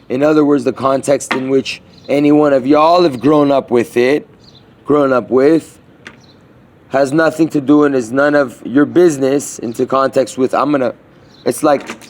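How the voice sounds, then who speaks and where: A man delivering a meandering, slang-filled spoken monologue, often trailing off and restarting his thoughts. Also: medium pitch.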